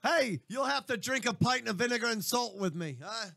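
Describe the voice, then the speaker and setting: A man's voice: very high voice, animated, normal speed, gravelly, bright, forceful tone, no echo. A man hosting a radio show, chatting casually with a caller, with a friendly, stammering manner. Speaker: radio host.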